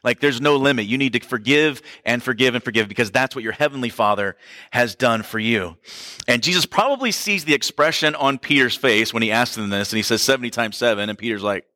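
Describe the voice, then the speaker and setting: A man's voice: mid-range voice, lively intonation, fairly quick, sharp tone, dry recording, studio quality. A man preaching a sermon as pastor, in a conversational way with asides to the congregation.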